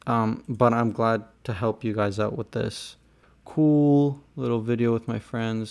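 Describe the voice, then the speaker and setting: A man's voice: mid-range voice, steady tone, unhurried, vocal fry, darkish tone, clear, resonant tone. Frustrated casual man explaining a tech fix. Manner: frustrated, rambling, talks to viewers directly. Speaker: tech tutorial host. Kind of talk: casual screen-recorded tutorial.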